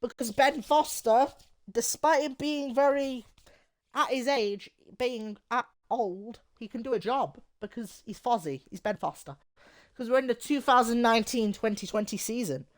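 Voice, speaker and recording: A man's voice: extremely high pitch, moderate pace, dry recording. A man giving casual, rambling and jokey commentary while streaming a football game.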